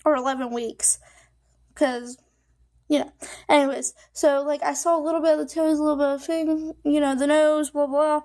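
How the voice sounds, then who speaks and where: Young woman vlogger, high voice with vocal fry; rambling and emotional, fighting back tears. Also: fairly even intonation, moderate pace, a little mellow. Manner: rambling, many fillers like "like" and "you know". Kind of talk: personal storytelling to camera.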